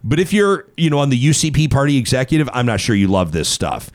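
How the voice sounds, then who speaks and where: A man's voice: mid-range voice, sing-song, fast talker, no echo, studio quality. A man hosting a talk show, chatting in a playful, digressive monologue.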